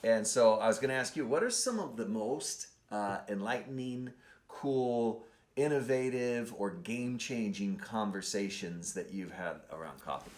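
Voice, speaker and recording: A man's voice: lowish voice, expressive, normal speed, darkish tone. A man hosting a podcast, talking casually with many fillers and restarts. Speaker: podcast host.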